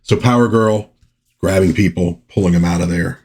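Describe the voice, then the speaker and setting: A low-pitched man talks his way casually through a comic book review. His voice has a husky grain, and he rambles in a chatty way, dropping wry little asides as he goes. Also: moderate pace, a little mellow. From United States.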